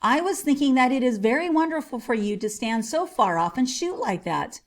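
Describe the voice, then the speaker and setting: A woman's voice: high voice, expressive, normal speed, voice pushed up. A woman voicing a curious, earnest young boy who asks eager questions.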